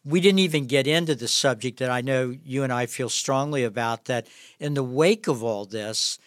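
A middle-aged man hosting a podcast, speaking in a measured, conversational way. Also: medium pitch, no room sound, studio quality. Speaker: podcast host. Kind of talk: interview talk.

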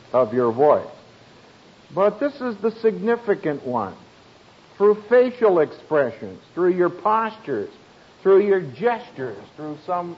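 A man speaking to an audience as a family counselor, telling stories in a slow, emphatic way with dry humor. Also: high-pitched, breathy edge. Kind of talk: speech to an audience. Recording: dull lo-fi recording.

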